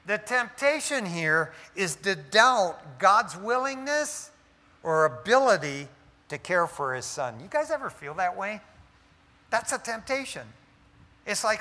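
A man's voice: sits high, lively intonation, a little slow, bright, forceful tone. A man preaching a sermon in an emphatic, conversational way, often dropping in "man" as he speaks. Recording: echoey hall reverb.

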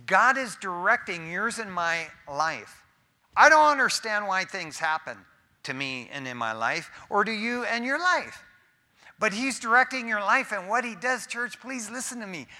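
A middle-aged male pastor preaching a sermon, swinging between loud, emphatic calls and quiet, low asides.

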